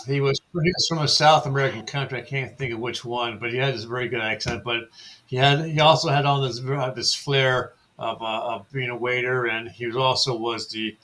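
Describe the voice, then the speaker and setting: Male talk-show storyteller, bright and forceful tone, meandering delivery with lots of uhs, occasional swearing. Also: mid-range voice. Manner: rambling anecdote with many fillers and swearing. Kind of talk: casual chat.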